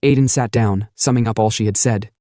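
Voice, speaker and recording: A man narrates a comic story recap at a brisk clip, his voice mellow and dark. He keeps a steady storytelling manner, close to the mic in a dry, dead room. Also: fairly low pitch, no room sound. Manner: steady storytelling, quoting lines in same voice.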